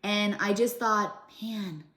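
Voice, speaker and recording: A woman's voice: medium pitch, takes it slowly, a bit bright, reverberant. A middle-aged woman telling her own story to camera in an earnest, emotional way, with many fillers and restarts. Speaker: vlogger.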